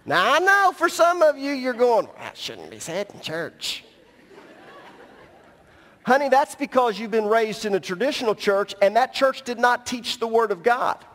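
A male pastor preaching a sermon in a church sanctuary, emphatic and animated, with joking asides. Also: very high-pitched, moderate pace, few pauses. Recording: long reverb of a large hall.

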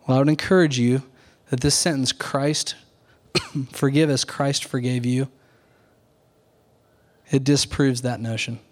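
A middle-aged male pastor delivering a Sunday sermon in a church. He speaks earnestly and deliberately, slowing down to lean on the words he wants to stress. His pitch sits at an ordinary middle level for a man. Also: steady tone. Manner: earnest, measured preaching with slow deliberate emphasis.

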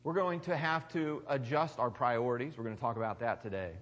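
A man giving a conversational sermon as pastor, swinging between loud emphasis and quiet, hushed lines. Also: mid-range voice, fairly quick, big-room sound. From United States.

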